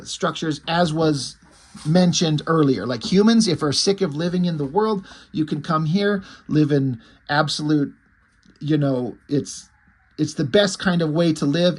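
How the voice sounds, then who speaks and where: A man casually recapping a comic book, profane and full of fillers. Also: a little high.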